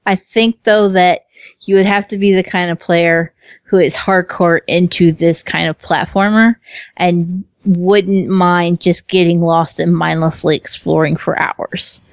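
A woman's voice: on the low side, steady tone, a little slow, no echo, dull audio. A woman co-hosting a casual game review stream, chatty, laughing often and swearing casually. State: hiccups. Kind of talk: casual chat.

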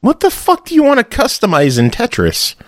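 A man's voice: very high voice, wildly swooping pitch, a little fast, dry recording, clean studio sound. A man in casual banter, cursing and exasperated. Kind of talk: casual chat.

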